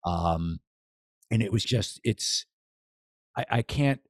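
A man's voice: fairly low pitch, lively intonation, slow, no room sound, clean studio sound. A man, a boxing coach, talking casually as a podcast guest, enthusiastic and rambling with restarts. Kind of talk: casual interview chat.

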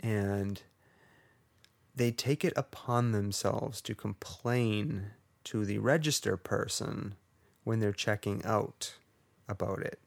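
Brief: podcast co-host, male, gravelly voice, dry close sound, profane sarcastic rant. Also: lowish voice, takes it slowly, no echo.

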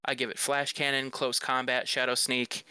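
Bright, crisp-voiced man talking games. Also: medium pitch, completely flat delivery, normal speed, no room sound. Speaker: podcast co-host. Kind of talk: casual gaming chat.

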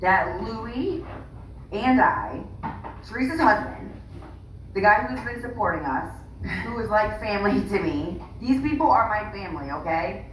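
A woman's voice: medium pitch, big pitch swings, measured pace, fairly bright tone. A woman podcast co-host talking in a fired-up, indignant way in casual chat. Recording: roomy, distant mic, faint noise.

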